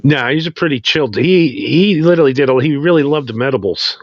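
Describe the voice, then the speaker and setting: A man's voice: mid-range voice, expressive, fast talker, no echo, dull audio. A man co-hosting a casual podcast, trading jokes and banter. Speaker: podcast co-host. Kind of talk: casual stoner chat.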